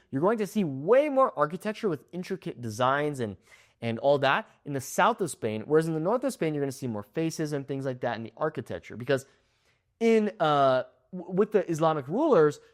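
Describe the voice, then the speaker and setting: A man's voice: on the high side, big pitch swings, brisk. A young man teaching Spanish pronunciation, explaining and modeling words, checking in with frequent "okay?" prompts. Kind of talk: pronunciation lesson.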